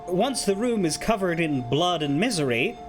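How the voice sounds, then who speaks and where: A man retelling a story to his stream in a casual, profane, animated way. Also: high-pitched, moderate pace, music in the background.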